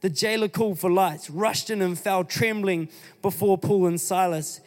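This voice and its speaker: A man's voice: high-pitched, moderate pace. A man preaching a sermon, reading scripture and urging his congregation on with emphatic exhortations. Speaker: pastor. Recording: long hall reverb.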